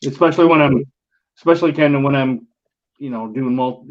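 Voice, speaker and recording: A man's voice: medium pitch, brisk. Hesitant man on dull remote audio. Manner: hesitant, trails off quietly, fillers. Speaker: regular guest on live stream. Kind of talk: casual live stream chat.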